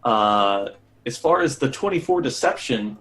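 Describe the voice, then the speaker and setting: A man runs a tabletop game in a middle-pitched voice. He narrates in a loose, rambling way with many fillers. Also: expressive, unhurried, a bit bright. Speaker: game master.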